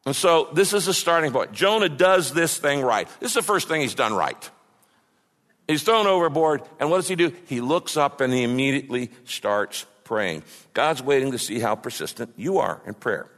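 Male pastor, somewhat high voice, passionate sermon with big dynamic swings, church hall echo. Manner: impassioned preaching, swings from loud cries to mocking mumbles. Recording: long hall reverb.

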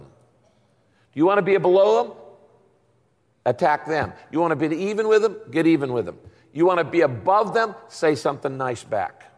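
A male pastor preaching a sermon to his congregation, lively and animated, fond of catchy rhymes and questions to the crowd. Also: on the high side, big-room sound. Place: large church hall.

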